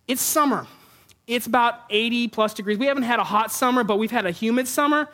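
A man preaching a sermon as a pastor before a congregation, telling a funny personal story with animated, self-mocking humor. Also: extremely high pitch, a little fast. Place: church before a live congregation.

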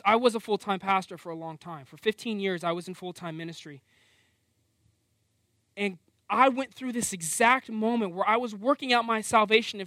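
Animated middle-aged male preacher. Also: high-pitched, no room sound, clean studio sound. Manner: animated, acts out quoted voices; conversational, self-deprecating. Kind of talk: sermon.

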